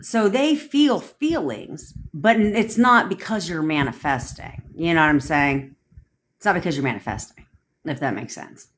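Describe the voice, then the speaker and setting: A woman's voice: low-pitched, animated, normal speed, a little hiss or hum. A woman coaching on a livestream, blunt and profane, firing rhetorical questions at viewers. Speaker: manifestation coach. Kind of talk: livestream rant answering viewer comments. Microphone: phone livestream.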